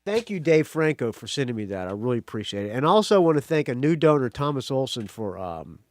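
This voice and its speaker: Excitable rambling American man, lively pitch. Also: fast. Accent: slight American country accent. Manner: rambling, excitable, swears freely. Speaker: podcast host. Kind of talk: casual solo intro.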